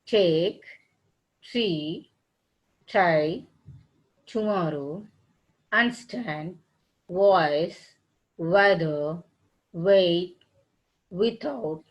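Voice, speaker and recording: A woman with a lowish voice teaches phonetics in a classroom lecture, spelling out letters and words one at a time. She repeats herself and restarts her sentences, and the audio has its highs cut off.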